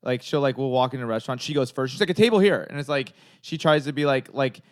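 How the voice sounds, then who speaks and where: A man's voice: mid-range voice, level tone, quick pace, smooth. A man in his thirties co-hosting a podcast, joking loosely with lots of filler words. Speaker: podcast co-host. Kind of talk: casual chat.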